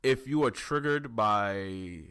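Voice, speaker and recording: A man's voice: fairly low pitch, takes it slowly, pushed and bright, clean tone. A man co-hosting a podcast, casually recapping an anime episode and acting out scenes with silly voices. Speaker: podcast co-host.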